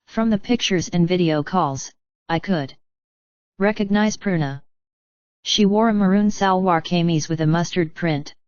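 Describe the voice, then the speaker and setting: A woman narrating an audiobook in a measured, even storytelling read. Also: fairly low pitch, smooth, dry recording, muffled recording. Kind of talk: scripted narration.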